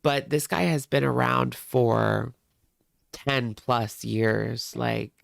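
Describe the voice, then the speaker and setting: A man's voice: medium pitch, fairly even intonation, takes it slowly, creaky, no echo, studio quality. A man hosting a reaction livestream, chatting casually with viewers in a rambling way.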